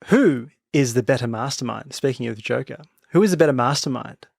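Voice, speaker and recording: A man's voice: mid-range voice, expressive, a little fast, vocal fry, darkish tone, no echo. Australian male co-host, jokey and question-led, dry close sound. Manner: jokey, leads with questions, many fillers. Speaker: podcast co-host. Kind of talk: casual chat.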